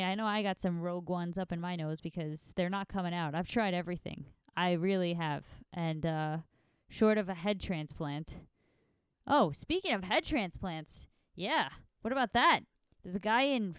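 A woman's voice: medium pitch, smooth, dry recording, studio quality. A woman hosting a casual solo podcast, sounding nasal from allergies, rambling in a chatty, self-deprecating way. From New York. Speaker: podcast host.

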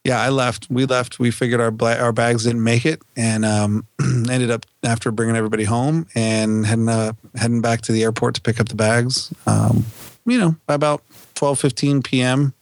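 A man's voice: medium pitch, moderate pace, no echo. A man co-hosting a podcast, telling a casual story with lots of laughs and acted-out lines from his family. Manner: animated, laughs often, acts out family members' lines. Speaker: podcast co-host.

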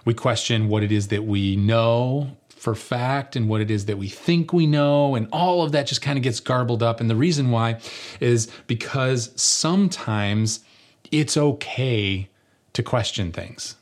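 A man's voice: mid-range voice, unhurried. A man, a lead pastor, giving a sermon in a conversational storytelling way.

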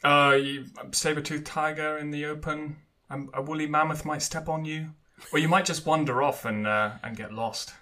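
A man's voice: fairly high pitch, steady tone, moderate pace, hardly any pauses, sharp tone. A man co-hosting a podcast in casual chat, chatty and hesitant with many fillers. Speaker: podcast co-host.

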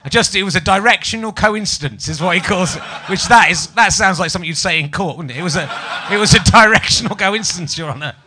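A man's voice: sits high, fast talker, hardly any pauses, noisy background. A man in his forties from Yorkshire hosting a live comedy podcast in front of an audience, chatty and self-mocking, teasing people in the crowd. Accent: Yorkshire English. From Yorkshire, England. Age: 40s. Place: small live venue with audience.

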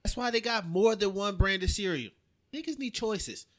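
A man's voice: high voice, lively intonation, normal speed. A man co-hosting a casual podcast, joking and interjecting in a playful way. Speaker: podcast co-host. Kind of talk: casual chat.

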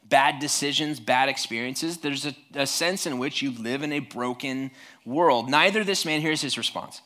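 A man's voice: medium pitch, normal speed, pushed and bright. A male pastor preaching a sermon in a conversational way, with many restarts and small acted-out voices.

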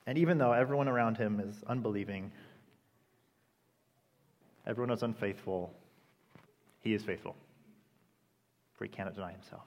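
A man preaching a sermon with impassioned delivery that rises to loud, emphatic peaks. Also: lowish voice, normal speed, long pauses. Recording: long reverb of a hall.

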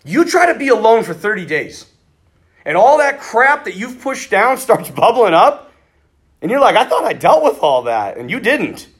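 A middle-aged priest giving a conversational sermon, telling stories and acting out bits of dialogue. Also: male voice, sits high, normal speed, slightly rough. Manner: conversational, animated, acts out quoted dialogue. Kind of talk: sermon with storytelling.

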